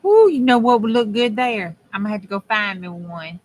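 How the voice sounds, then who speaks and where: While working on a craft for her video, a woman talks in a homespun, folksy style to her viewers and to herself. She has a medium-pitched, expressive voice and speaks fairly quickly, though the audio is poor.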